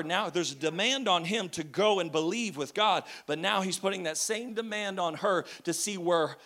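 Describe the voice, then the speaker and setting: Bright, high-voiced male preacher; animated, joking sermon delivery. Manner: lively storytelling, jokes with the congregation, shouts at times.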